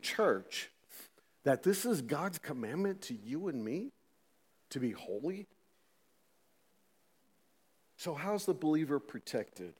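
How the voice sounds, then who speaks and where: Middle-aged pastor preaching in a reverberant church. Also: male voice, mid-range voice. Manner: animated, swinging between loud emphasis and quiet asides, many rhetorical questions. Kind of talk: sermon. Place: church sanctuary. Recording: long reverb of a church hall.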